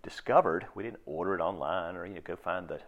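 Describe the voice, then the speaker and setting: A man in his sixties preaching a sermon in a reflective, halting way, with pauses and restarts. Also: sits low, muffled recording. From United States. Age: 60s. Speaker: pastor.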